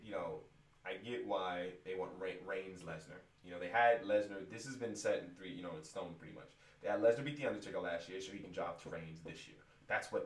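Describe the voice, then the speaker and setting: A man's voice: deep voice, fairly bright tone. A man and musician venting to his viewers in a casual rant, frustrated and profane, rambling with restarts. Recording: echoey room, distant from mic.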